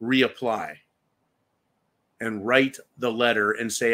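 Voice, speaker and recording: A man's voice: mid-range voice, unhurried, pushed and bright. A man hosting a political commentary show, ranting angrily with heavy profanity and rhetorical questions. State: angry. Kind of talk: angry political commentary monologue.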